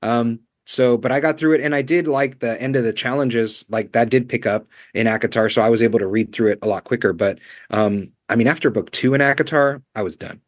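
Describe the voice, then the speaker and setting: A man chatting casually about books in a dry, close-sounding room. He talks in a loose, rambling way, padding his thoughts with fillers at a middle pitch. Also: a little fast, no room sound. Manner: chatty, fills with "you know" and "um". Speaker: book club co-host. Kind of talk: casual book discussion.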